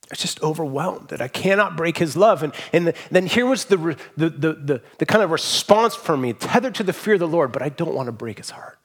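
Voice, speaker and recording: A man preaching a sermon as pastor, in an earnest and emotional way, often restarting his words and letting his phrase endings trail off softly. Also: fairly high pitch, expressive, a little fast, breathy edge.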